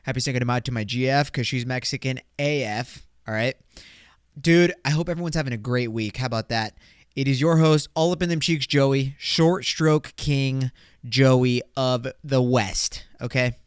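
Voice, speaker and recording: A young man runs a laid-back solo podcast full of jokes and tangents, alternating loud bursts with mumbled side comments. His smooth, resonant, medium-pitched voice moves at a moderate pace, captured close to the mic in a dry, dead space with no room sound.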